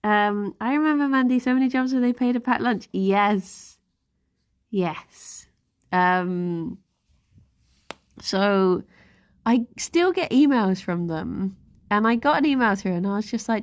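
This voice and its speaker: A woman's voice: mid-range voice, animated, takes it slowly, pauses often. A woman in her thirties, chatting casually and rambling as she streams. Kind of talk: casual chat. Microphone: desk microphone.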